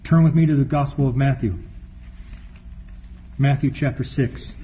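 A man preaching a sermon, reading scripture aloud slowly and stressing key words as he explains them. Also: mid-range voice. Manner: slows down to stress words, reads scripture deliberately. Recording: dull recording with faint room noise.

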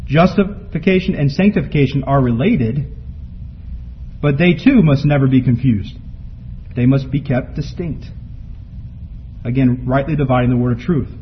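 A man preaching a sermon from scripture, building to emphatic peaks and then dropping low and quiet. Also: moderate pace, pauses often. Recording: muffled lo-fi recording with faint background noise.

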